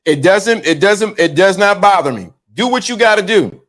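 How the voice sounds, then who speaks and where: A man's voice: high-pitched, expressive, moderate pace, fairly bright tone. A man hosting his own channel, giving a preachy live commentary, repeating himself and restarting phrases often as he talks into his phone. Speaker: channel host. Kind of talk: livestream commentary.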